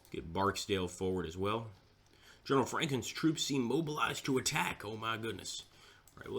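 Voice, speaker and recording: A man's voice: on the low side, a bit bright. A man giving casual, chatty commentary over a strategy game, mocking himself now and then.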